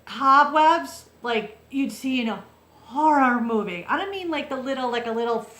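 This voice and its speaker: A woman vlogger telling a story to the camera in a casual, animated way, often checking in with her viewers. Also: fairly high pitch, moderate pace, echoey room.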